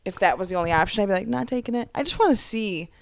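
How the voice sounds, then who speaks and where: A young woman guest on a podcast, chatting and giving quick, playful answers. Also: mid-range voice, expressive, gravelly, dry recording. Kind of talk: casual chat.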